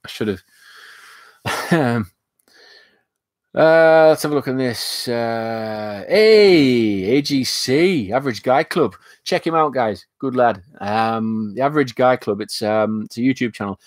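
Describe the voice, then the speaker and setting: Northern English male streamer, rambling casual chat, mid-pitched, dry close sound. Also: slow, no room sound. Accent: Northern English, mixing northwest and northeast. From north of England. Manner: rambling and chatty, with frequent fillers and restarts. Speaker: live stream host reading chat.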